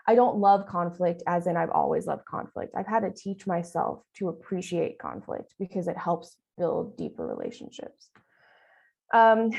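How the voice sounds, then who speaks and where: A woman's voice: medium pitch, creaky, darkish tone, poor audio. A woman leading a training session, talking in a conversational way and often checking in with "right?". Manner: talks with her arms. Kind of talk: training presentation.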